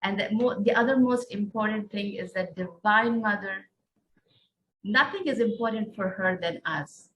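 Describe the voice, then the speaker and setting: A middle-aged woman from India, earnest and soft-spoken, speaks into a podcast microphone at a middle pitch. She tells her vision as a story, with frequent restarts and "you know"s, while faint noise sits under her voice. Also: normal speed, low-quality recording. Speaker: guest. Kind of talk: guided visualization storytelling.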